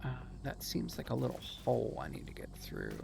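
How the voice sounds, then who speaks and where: A man's voice: medium pitch, huge pitch swings, a little fast, vocal fry, background noise. A man streaming a video game, chatting casually as he plays, laughing often and swearing now and then. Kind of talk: casual gameplay commentary.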